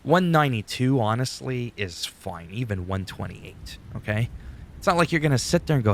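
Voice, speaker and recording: A man's voice: medium pitch, big pitch swings, moderate pace, fairly bright tone. A man giving a rambling, profane, conversational tutorial while sitting at his desk and talking into a studio dynamic microphone. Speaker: YouTuber explaining recording settings. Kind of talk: casual screen-recorded tutorial. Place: home desk setup.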